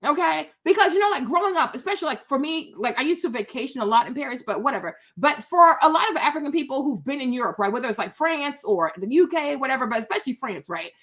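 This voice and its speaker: Emphatic high-voiced woman host commentating. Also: animated, quick pace, hardly any pauses, fairly bright tone. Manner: emphatic, repeats herself, fillers like "right?" and "okay?". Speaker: channel host. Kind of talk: casual commentary to viewers.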